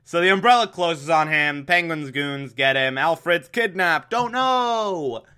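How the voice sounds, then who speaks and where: Wry, chatty man with a crisp, bright voice. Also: a little high, moderate pace. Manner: wry, chatty, laughing asides. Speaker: show host recapping an episode. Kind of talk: casual comedic recap.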